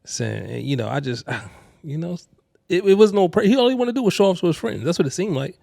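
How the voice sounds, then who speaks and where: Gravelly, lively-voiced man chatting. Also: sits high, brisk, no room sound, clean studio sound. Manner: easygoing, slangy banter. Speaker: podcast co-host. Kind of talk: casual chat.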